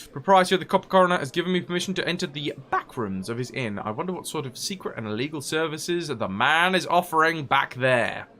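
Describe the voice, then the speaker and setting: A man chats his way through a role-playing game on a livestream, reading quest logs and cracking jokes as he goes. His voice is bright and bouncy, with a pitch that rises and falls a lot. He sounds close to a desk mic at home. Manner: joking, chatty, laughs often. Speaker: streamer. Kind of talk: casual let's-play commentary, reading quest text aloud.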